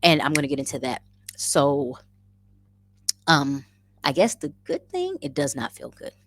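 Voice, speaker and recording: Husky low-voiced woman in her forties. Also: measured pace. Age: 40s. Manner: animated, expressive, self-mocking storytelling. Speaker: vlogger and rabbit farmer. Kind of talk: casual storytelling.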